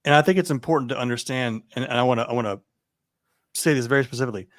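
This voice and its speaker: A man as a podcast guest, explaining his points in a deliberate, emphatic way. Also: medium pitch, a bit bright, dry recording, clean studio sound. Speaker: podcast guest, event founder. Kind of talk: casual interview chat.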